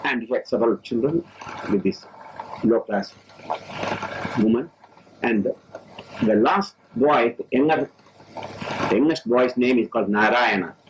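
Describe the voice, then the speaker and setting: A man's voice: medium pitch, noisy background. Guy teaching spirituality, tells stories, stumbles and restarts a lot, lo-fi old recording. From India. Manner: lively storyteller, halting with restarts. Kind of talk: spiritual lecture with storytelling. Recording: dull old lecture tape.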